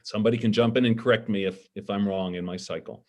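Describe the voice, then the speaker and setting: A middle-aged man moderating a candidate forum over a video call, earnest and heartfelt, pausing often with ums. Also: lowish voice, fairly even intonation.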